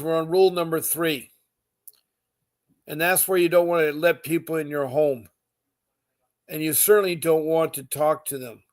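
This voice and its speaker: Emotional, earnest man hosting a podcast. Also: a little high. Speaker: podcast host. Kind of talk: live podcast talk with viewers.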